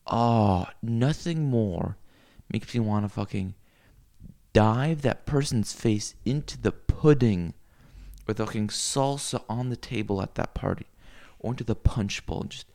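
Gravelly guy ranting crude jokes, rambly and sweary. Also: mid-range voice, unhurried. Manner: crude, rambling, swings into loud rants. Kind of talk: rambling comedic monologue.

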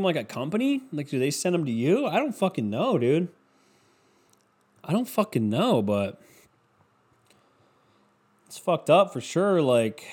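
Rambling, foul-mouthed young podcast host. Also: male voice, medium pitch, darkish tone. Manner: rambling, heavy swearing, constant "like" fillers. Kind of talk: casual solo podcast rant.

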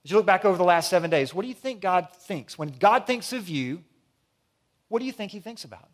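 A middle-aged man preaching a sermon, swinging between loud emphatic lines and hushed, quiet ones. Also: high voice, lively intonation, fairly quick. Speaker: pastor.

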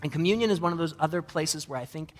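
A man's voice: a little high, fast talker, faint music behind. Casual man preaching a sermon. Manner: casual, self-deprecating storytelling with frequent "like". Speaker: pastor. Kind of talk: conversational sermon.

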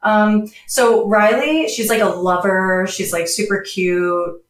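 A woman's voice: medium pitch, takes it slowly. A woman psychologist talking casually on a podcast, chatty, often laughing and using many fillers. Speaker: psychologist guest. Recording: roomy distant mic.

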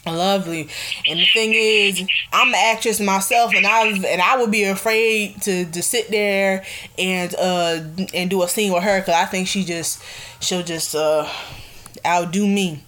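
A young woman hosting a casual radio show, chatting in an animated, excitable way and laughing often. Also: medium pitch, a little slow. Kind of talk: casual chat.

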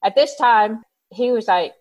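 A woman casually telling a personal story out loud, animated, laughing often and acting out the lines she quotes. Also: a little high, measured pace, highs cut off. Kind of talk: casual spoken anecdote.

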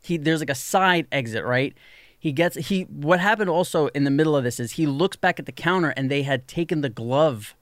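A man's voice: fairly high pitch, a little fast, dry recording. A man telling a long story in casual podcast chat, full of "like" and acting out what people said. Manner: animated storyteller, lots of "like", acts out quoted people.

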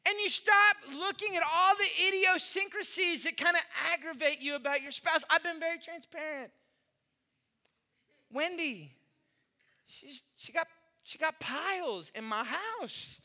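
A middle-aged man preaching a sermon as a pastor, telling funny stories from his marriage and breaking into shouts now and then. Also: very high-pitched, unhurried, long reverb tail. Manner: animated humorous storytelling, bursts into shouting.

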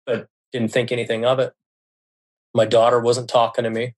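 A man's voice: mid-range voice, flat delivery. A middle-aged man telling a personal story in casual speech, stopping often to restart and correct himself. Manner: halting, with frequent restarts and self-corrections.

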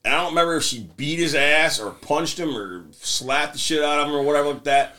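A man co-hosting a casual podcast chat, retelling a film with lots of swearing and quick voiced impressions. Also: fairly high pitch, pushed and bright. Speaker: podcast co-host.

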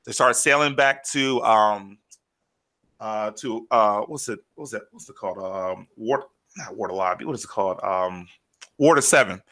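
A man's voice: fairly low pitch, normal speed, bright, forceful tone. A man in casual podcast chat, animatedly retelling a story and acting out quotes. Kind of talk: casual chat recapping an anime.

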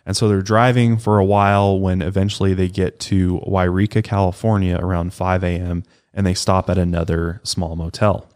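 A man with a notably deep, low voice talks through a true crime story in a relaxed, casual podcast manner. He tells it conversationally and keeps the flow going like he is chatting with a friend. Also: moderate pace, hardly any pauses. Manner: casual, conversational retelling with acted quotes. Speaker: podcast co-host.

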